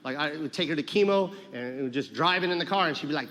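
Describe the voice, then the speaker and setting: A man's voice: a little high, lively intonation, quick pace, few pauses, a bit bright. A man telling loose, swearing stories in a live stand-up set, acting out the people in them. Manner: loose storytelling with swearing and act-outs. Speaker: stand-up comedian. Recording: live venue with long reverb and faint crowd noise.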